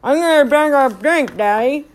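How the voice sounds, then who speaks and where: A woman voicing a little girl whose mouth is caked with mud, so her words come out muffled and slow. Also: sits high, lively intonation, voice pushed up.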